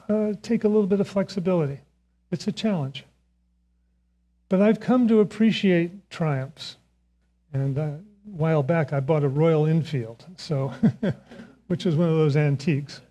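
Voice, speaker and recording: A man's voice: high voice, mellow. Older man preaching a chuckling sermon. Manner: storytelling, self-mocking, chuckles often. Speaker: speaker giving the Sunday message. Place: church sanctuary.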